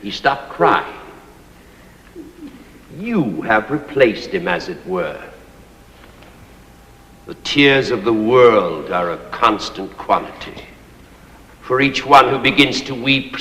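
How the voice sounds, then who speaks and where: A man's voice: medium pitch, expressive, slow, long pauses, pushed and bright. A man playing a pompous, cruel old master. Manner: grandiose, mocking, declamatory. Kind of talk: stage play performance. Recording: echoey hall with long reverb.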